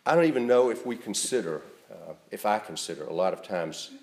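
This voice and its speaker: A male pastor giving an earnest, emphatic sermon that rises in stress and then drops to a soft, quiet close. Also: fairly low pitch, lively intonation, brisk, creaky, echoey room. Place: church.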